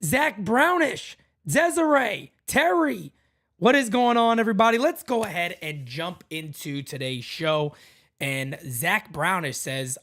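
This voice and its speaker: A man hosting a live fan morning show, hyping up and greeting viewers by name, then dropping his voice low to talk seriously. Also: expressive, unhurried. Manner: hyped shout-outs to chat, drops low when serious. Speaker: podcast host.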